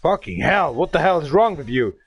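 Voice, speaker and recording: A man's voice: on the high side, big pitch swings, a little fast, lo-fi sound, loud music behind the voice. A man from Bavaria with a German accent, ranting profanely and hurling insults at another player during a gaming livestream. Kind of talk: angry livestream rant.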